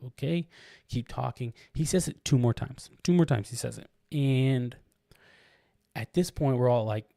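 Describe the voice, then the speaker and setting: Podcast co-host, male, mellow voice, rambling storyteller, dry close mic. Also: mid-range voice, measured pace, vocal fry, no echo. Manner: rambling, many restarts and "like" fillers. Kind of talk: casual storytelling. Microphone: podcast microphone.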